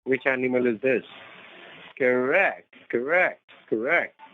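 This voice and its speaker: A man on a tinny phone line who talks slowly and insistently in halting, broken phrases. His pitch rises and falls a lot, and faint hiss sits under the line. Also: animated. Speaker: phone scammer. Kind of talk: phone call.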